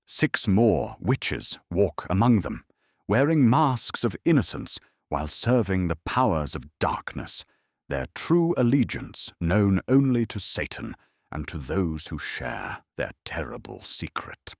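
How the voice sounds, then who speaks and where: Deep husky sleep-story narrator, man. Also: big pitch swings, no echo, clean studio sound. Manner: slow, soothing, measured storytelling.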